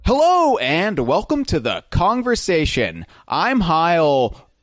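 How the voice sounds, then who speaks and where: A man's voice: fairly high pitch, wildly swooping pitch, takes it slowly, over loud music. A man hosting a casual podcast, joking and rambling with plenty of fillers. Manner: jokey, rambling, filler-heavy. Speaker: podcast host.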